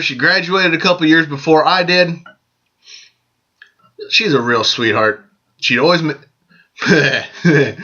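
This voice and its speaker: Speaking at a fairly high pitch over dull lo-fi audio, this man hosts a casual vlog and jokingly wishes his friends happy birthday in a friendly way, repeating himself often as he goes.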